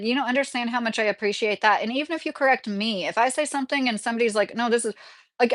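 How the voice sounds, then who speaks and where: Her voice sits high and a bit bright, recorded with no room sound. She's a Kentucky woman in her thirties running a livestream, rambling through casual chat and viewer comments with lots of laughter.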